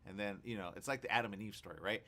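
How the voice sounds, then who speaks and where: A man's voice: fairly low pitch, racing, slight background noise. A man hosting a morning talk show, chatting casually and spinning rambling, playful what-if stories. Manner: rambling, animated storytelling with playful what-ifs. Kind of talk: casual chat. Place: studio.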